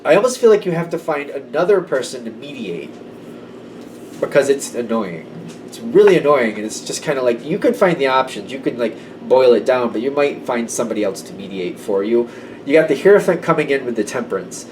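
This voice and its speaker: A man's voice: medium pitch, expressive, a little fast, darkish tone, recorded from a distance, a little hiss or hum, low-quality recording. A man giving a casual tarot reading to camera, conversational and emphatic. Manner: conversational, emphatic, slips into quoted voices. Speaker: tarot reader.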